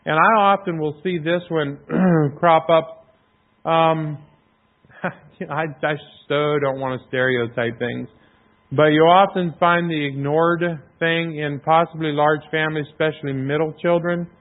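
Male preacher, casual and self-deprecating, slightly high voice, tinny phone-line sound. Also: steady tone, a little slow. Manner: conversational, self-deprecating, clears throat often. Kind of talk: sermon.

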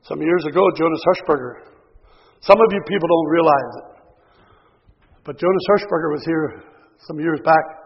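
An older man preaching a sermon, earnest, moving between loud emphasis and quiet asides. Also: a little high, normal speed, gravelly, pauses often, slightly rough. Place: church. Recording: lo-fi recording with long church reverb.

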